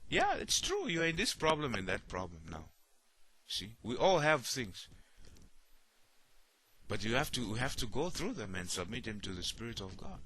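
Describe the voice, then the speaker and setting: A man's voice: medium pitch, sharp tone, breathy edge, no echo. A man preaching a sermon, often repeating himself and asking "you see?", acting out the worried voices of others.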